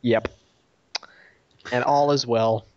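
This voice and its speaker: A man talks through an episode review in a loose, rambling way, jumping into the characters' quoted lines as he retells the plot. His voice sits at an ordinary pitch. The recording is dry and a little dull. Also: fairly even intonation, slow pace, dry recording. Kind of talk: casual review chat.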